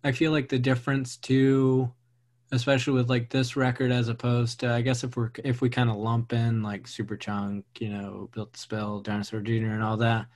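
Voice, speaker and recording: A man's voice: mid-range voice, little pitch movement, moderate pace, darkish tone. Man chatting loosely about music. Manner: loose, hedging with "like" and "you know". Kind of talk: casual music chat.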